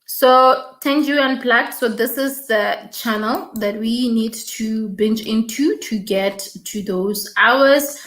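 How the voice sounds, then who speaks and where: A woman's voice: on the high side, slow pace, few pauses, a bit bright, reverberant. A woman hosting a casual YouTube live stream, chatting, reading viewer comments aloud and repeating her thanks.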